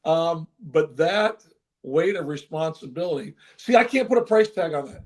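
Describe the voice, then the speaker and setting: A man's voice: a little high, moderate pace. Earnest older man telling a story. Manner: earnest, animated, with frequent restarts. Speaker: guest, former baseball manager. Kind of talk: emotional storytelling in an interview.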